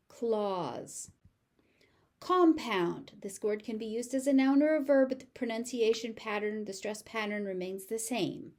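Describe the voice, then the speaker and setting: A middle-aged woman with a General American accent, teaching pronunciation in a slow drill. She says each word, overpronounces its syllables, then says it again. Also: mid-range voice. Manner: repeats words carefully, overpronouncing syllables.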